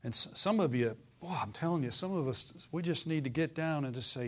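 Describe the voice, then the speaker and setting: A man's voice: a little high, animated, a little fast. Fiery preacher man. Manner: fiery, folksy preaching with call-and-response. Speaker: pastor. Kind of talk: sermon.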